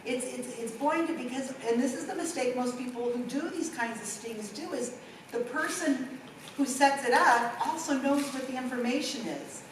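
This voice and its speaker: Middle-aged woman presenter, fairly high voice, animated storyteller; recorded from afar in a very echoey room. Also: moderate pace, distant mic, noisy background. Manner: animated storytelling with acted-out quotes. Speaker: workshop presenter. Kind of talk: conference workshop talk. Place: conference room.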